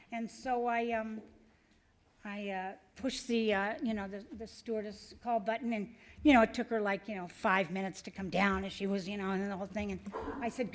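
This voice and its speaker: A woman's voice: medium pitch, fairly even intonation, normal speed. A woman speaking at a recovery meeting, telling a personal story with many fillers and acting out the voices she quotes.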